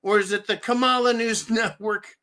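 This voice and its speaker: Male political rant host, bright and forceful tone, sarcastic, swears freely, talks straight to his folks. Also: sits high, steady tone, moderate pace. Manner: profane, sarcastic, keeps addressing listeners as folks; repeats himself for emphasis.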